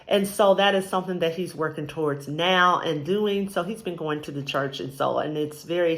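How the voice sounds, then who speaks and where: A married woman sharing a personal faith testimony in a casual, rambling way, with frequent ums. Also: fairly low pitch. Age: adult, married with a child. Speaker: vlogger sharing a faith journey.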